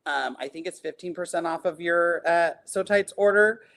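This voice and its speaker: A man's voice: fairly high pitch, normal speed, gravelly, a bit bright, a little hiss or hum. A man hosting a casual livestream, chatty and rambling with many fillers. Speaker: quilting livestream host.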